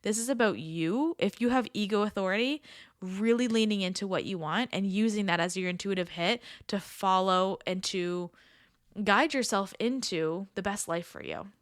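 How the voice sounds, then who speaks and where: A woman's voice: medium pitch, normal speed, dry recording, studio quality. A woman hosting a podcast, giving casual coaching advice in a chatty, upbeat way with lots of filler words. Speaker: podcast host.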